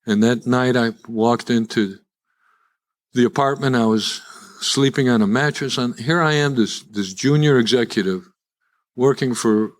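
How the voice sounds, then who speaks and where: An older man, speaking to a live audience as a recovery speaker, telling his own story with self-deprecating humor and frequent restarts. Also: medium pitch. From Chicago. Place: live event before an audience.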